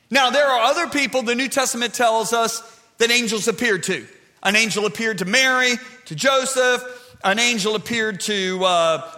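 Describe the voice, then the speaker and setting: A man preaching a sermon in a church, animated and building to shouts. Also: very high voice, long reverb tail.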